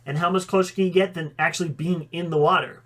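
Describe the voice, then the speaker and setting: A man's voice: on the high side, steady tone, fast talker, fairly bright tone. A man reading a fan story aloud, with occasional slips that he corrects. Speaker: audiobook reader.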